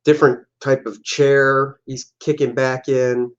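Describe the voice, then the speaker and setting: A man's voice: mid-range voice, level tone, slow pace, clear, resonant tone, muffled recording. A man, a comic artist, casually talking through his own old artwork, joking and making silly sound effects. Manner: jokey, playful, makes silly sound effects.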